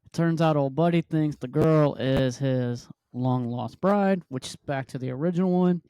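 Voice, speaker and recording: Excitable male co-host, slightly high voice, dry close sound, casual podcast banter. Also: normal speed, smooth, no room sound. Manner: excitable, acts out scenes with yelps. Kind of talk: casual movie review chat.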